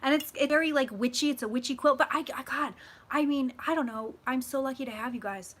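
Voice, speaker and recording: A woman chatting casually with her viewers on a live stream, swearing freely and swinging loud and soft as she talks. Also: high voice, fast talker. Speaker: psychic vlogger hosting a live stream.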